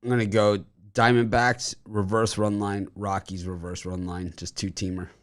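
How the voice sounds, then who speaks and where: Very deep-voiced male betting show host. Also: flat delivery, moderate pace. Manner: rambling, loose, with many fillers and restarts. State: recovering from dental surgery, swollen mouth. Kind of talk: casual chat.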